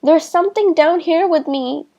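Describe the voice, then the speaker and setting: Woman doing scared young girl, shaky, pleading, high voice, mellow tone, storybook reading. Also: normal speed, dull audio. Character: frightened young girl trapped in a cave.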